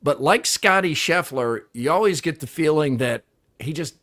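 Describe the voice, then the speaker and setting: A man's voice: a little high, animated, moderate pace, a bit bright. A man co-hosting a casual sports talk show, conversational and amused. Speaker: radio co-host.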